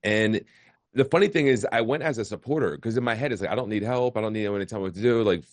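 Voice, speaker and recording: A man in his forties tells his story to a podcast host. His voice sits a little low and sounds dry and close. He talks casually and often repeats words. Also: fast talker, dry recording. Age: 40s. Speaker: podcast guest, entrepreneur. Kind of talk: candid interview storytelling. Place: remote call.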